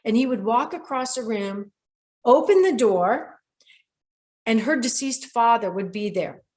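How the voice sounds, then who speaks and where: Animated woman host telling a dream story. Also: on the high side, unhurried. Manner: animated storyteller who quotes people directly. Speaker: radio show host and dream interpreter. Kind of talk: storytelling monologue.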